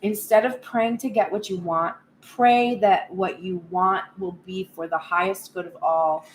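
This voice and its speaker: A woman giving a casual spoken tarot reading, animated and blunt, swearing freely and acting out pleading voices. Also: medium pitch, unhurried, slight background noise. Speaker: tarot reader.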